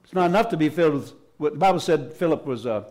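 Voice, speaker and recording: A man preaching a fervent sermon, his voice sitting somewhat high. He talks emphatically and repeats his phrases for emphasis. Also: expressive, fast talker, a little mellow. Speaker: pastor. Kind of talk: Pentecostal sermon. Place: church service.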